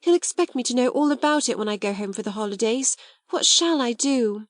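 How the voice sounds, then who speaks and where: A woman's voice: a little high, animated, brisk, dry recording, studio quality, voice pushed up, lightly acted. A woman reading an audiobook, voicing a timid, anxious schoolgirl with a pleading, worried manner. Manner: pleading, worried girlish delivery.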